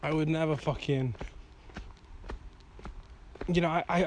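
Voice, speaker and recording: A man's voice: on the high side, fairly even intonation, measured pace, pauses often, slight background noise. A man talking frankly while walking outdoors at night, rambling and swearing freely as he gets heated. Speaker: vlogger and songwriter. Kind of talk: casual rambling monologue.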